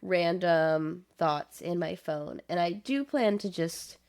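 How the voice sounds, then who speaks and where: A woman's voice: on the low side, slow, a little mellow, no echo, studio quality. A woman co-hosting a podcast, telling stories in a casual, jokey way and slipping into silly voices. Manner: jokey storyteller who slips into silly voices. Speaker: podcast co-host. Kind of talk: casual chat.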